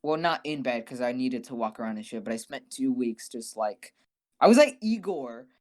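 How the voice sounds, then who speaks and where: A young man co-hosting a podcast, telling a story in a casual, animated, profane way and acting out the people he quotes. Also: medium pitch, a little fast. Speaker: podcast co-host.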